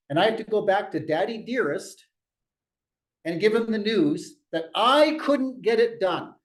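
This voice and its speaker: Animated man coaching a sales team. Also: fairly high pitch. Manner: animated, coaching tone with frequent restarts. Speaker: real estate team leader. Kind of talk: storytelling at a sales meeting.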